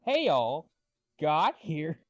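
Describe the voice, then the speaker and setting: Excitable, swearing man on a dull phone line. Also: fairly high pitch, very slow, no echo. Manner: excitable, swears a lot, trails off with fillers. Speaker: friend on the stream call. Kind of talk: casual chat on a voice call. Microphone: phone on a voice call.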